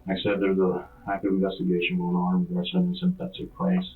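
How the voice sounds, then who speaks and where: A man questioning a witness as a detective, calm and probing, in a police interview. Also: sits low, fast talker, faint music behind. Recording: tinny phone-like interview recording.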